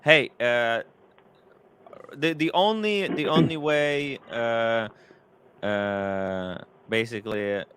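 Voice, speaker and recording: A man's voice: medium pitch, slow pace, long pauses, fairly bright tone, a little hiss or hum. A man hosting a casual livestream podcast, rambling and full of fillers, sometimes apologetic. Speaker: host.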